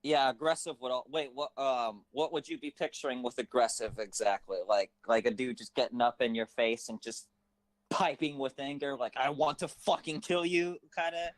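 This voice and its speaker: A writer and director rambles hesitantly through a casual voice-session chat, filling his speech with fillers. His voice is mid-range at a moderate pace. Recorded on a phone, the audio is poor, dry and close.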